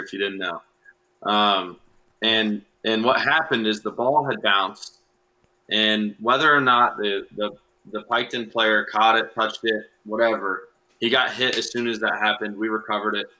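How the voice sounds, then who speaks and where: Relaxed young football coach, low bright voice. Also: male voice, low-quality recording. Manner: relaxed, explains step by step with fillers. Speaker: high school football coach. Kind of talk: casual podcast interview.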